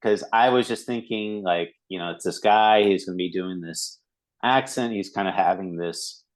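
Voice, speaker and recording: A man's voice: deep voice, moderate pace, low-quality recording. A man co-hosting a movie review podcast, talking casually with many fillers and acting out quoted lines. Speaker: podcast co-host.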